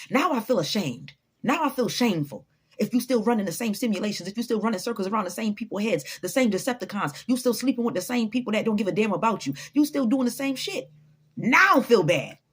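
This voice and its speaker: A woman's voice: on the high side, slightly rough. A woman giving an unscripted motivational talk to her followers, blunt, profane and preachy. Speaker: motivational vlogger.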